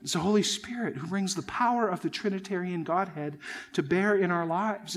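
A man's voice: high voice, normal speed. A man preaching a sermon as pastor, earnest and emphatic, often addressing his listeners as friends.

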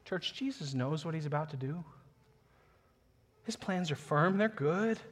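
Pastor, male, slightly high voice, earnest sermon delivery that swells into passionate emphasis. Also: lively intonation, measured pace. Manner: reads scripture aloud, chuckles softly.

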